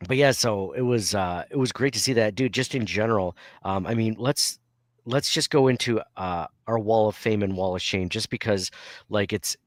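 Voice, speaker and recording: Chatty guy in his 40s on a sports podcast, lowish voice, dry close sound, lots of laughing. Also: normal speed, dry recording. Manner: rambling, laughs often, acts out quotes. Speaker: podcast co-host. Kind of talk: casual sports podcast chat.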